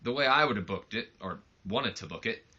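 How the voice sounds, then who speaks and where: A man's voice: lowish voice, lively intonation, fairly quick, sharp tone. A man giving casual let's play commentary on a wrestling game, rambling loosely with lots of fillers, on a slightly muffled mic.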